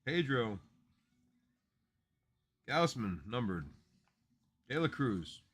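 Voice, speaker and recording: A man's voice: mid-range voice, big pitch swings, very slow, husky. A man hosting a live card break stream, chatting casually and rattling off player names as he opens packs.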